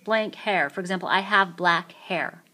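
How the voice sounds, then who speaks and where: A woman teaching French vocabulary in a screencast, saying each phrase slowly and then repeating it. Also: on the low side, sharp tone. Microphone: tablet mic.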